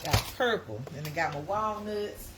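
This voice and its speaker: A woman's voice: fairly low pitch, lively intonation, moderate pace, very noisy. A middle-aged woman hosting a casual live stream from her home kitchen, rambling and chatting to her viewers.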